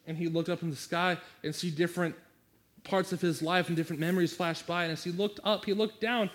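A man pastor preaching a sermon and making an earnest, pleading altar call. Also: a little high.

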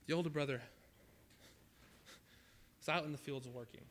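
Bright-voiced preacher, talky and dramatic. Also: male voice, on the high side, normal speed, slight background noise. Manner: conversational, dramatic swings from loud to hushed. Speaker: youth camp preacher. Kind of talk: sermon.

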